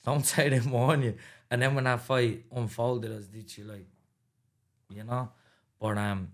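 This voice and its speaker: A man's voice: mid-range voice, steady tone, moderate pace. A man in his thirties with an Irish accent, a boxer as guest, telling stories in a casual interview and swearing freely. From Ireland. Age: 30s.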